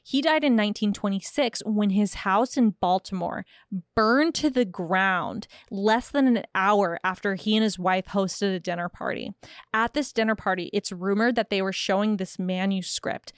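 A woman's voice: medium pitch, normal speed, clean tone, no room sound. A woman co-hosting a casual podcast, telling eerie history with dry asides. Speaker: podcast co-host. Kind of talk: casual storytelling chat.

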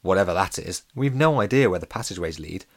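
A man reading aloud, voicing a curious schoolboy who gives brisk, decisive orders to his friends. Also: low voice, animated.

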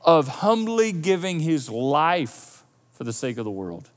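A male pastor preaching a sermon in a lively, conversational way and often repeating himself. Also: fairly high pitch, slow pace, faint music behind. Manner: animated, conversational preaching with repetitions. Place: church auditorium. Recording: echoey hall.

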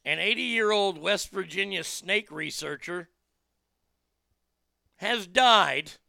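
A man's voice: high voice, slow, gravelly, pushed and bright, no echo, clean studio sound. Ranting, swearing male talk-radio host. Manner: ranting, blunt, swearing, self-mocking. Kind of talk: profane casual monologue.

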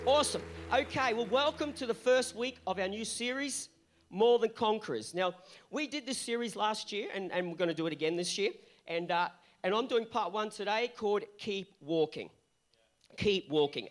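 A man preaching a sermon as pastor, fired up and hoarse, repeating his refrains. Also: high-pitched, animated, normal speed.

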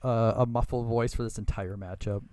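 A man's voice: mid-range voice, fairly even intonation, normal speed, dark tone. A man co-hosting a podcast, chatting casually and wryly while recapping a match. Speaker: podcast co-host. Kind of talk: casual wrestling recap chat.

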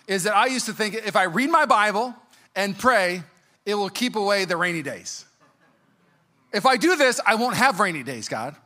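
A man in his thirties preaching a sermon, telling personal stories with jokes and acting out quotes in a put-on voice. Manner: animated, jokey, acts out quotes in high-pitched voices. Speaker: pastor.

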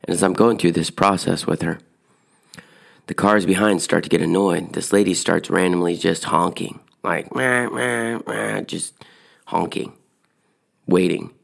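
Deep, gravelly man telling a story. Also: a little slow, long pauses. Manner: relaxed conversational storytelling. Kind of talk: casual personal anecdote.

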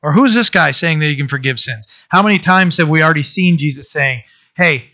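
A man preaching a conversational sermon to his church, reading scripture and explaining it with restarts and animated asides. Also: on the high side, fairly quick. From Maine. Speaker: pastor. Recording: dull lo-fi sound.

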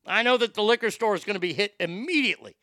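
Male host, profane rambling comic rant, tense bright voice, dry close sound. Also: high voice, animated, fast, no room sound. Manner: crude, rambling, stammers and repeats words. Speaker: show host.

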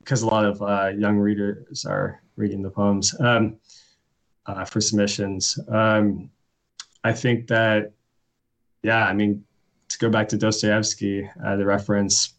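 A man's voice: on the low side, level tone, a little slow. A man, a poet appearing as a guest, talking bluntly and wryly in casual conversation and reading his own poems aloud. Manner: blunt, opinionated, wry.

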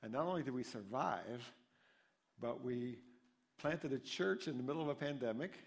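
A man's voice: mid-range voice, animated, moderate pace, vocal fry, breathy edge. A man preaching a sermon as pastor at a church service, in a conversational, storytelling way.

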